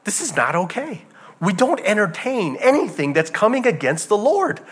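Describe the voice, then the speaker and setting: A male preacher delivering a sermon in an impassioned, emphatic way, swinging between quiet reflection and loud emphasis. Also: high-pitched, big pitch swings, moderate pace, husky.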